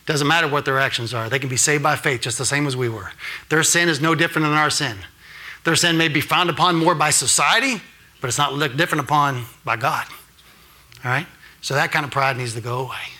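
A man's voice: fairly high pitch, brisk, sharp tone. A man giving a sermon as a guest preacher, earnest and direct, often checking in with the congregation and rising to emphatic peaks. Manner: addresses the congregation with frequent "all right?" and "right?". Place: church sanctuary.

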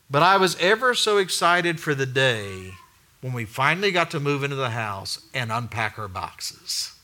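In a somewhat high voice, a middle-aged male preacher talks through his sermon casually, posing questions to the audience and getting quiet when he wants something to land.

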